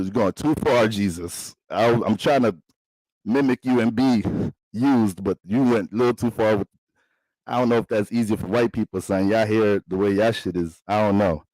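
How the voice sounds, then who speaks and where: A man's voice: low-pitched, darkish tone, no room sound. A young adult man hosting a livestream, joking and profane in a preacher's style. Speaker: astrologer and livestream host. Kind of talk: mock sermon livestream chat.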